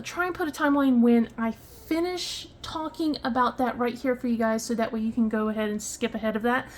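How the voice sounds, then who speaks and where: Woman vlogger, fairly high voice, rambling casual chat, lots of ums. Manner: rambling storytelling with many fillers and restarts. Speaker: crafting vlogger. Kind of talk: casual chat while crafting.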